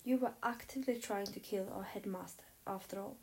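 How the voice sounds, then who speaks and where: A woman playing an earnest teenage boy in a storybook, blunt and impatient. The voice is a touch brighter than the narration while staying warm and mellow. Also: medium pitch, a little fast, a little hiss or hum, lightly acted. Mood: exasperated. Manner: blunt, impatient, stammering when flustered.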